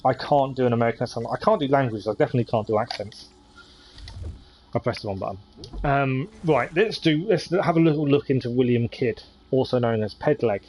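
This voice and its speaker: A man's voice: mid-range voice, a little fast, a little mellow, slight background noise, poor audio. A man chatting casually as he streams a game and reads its text aloud. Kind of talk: live gameplay commentary.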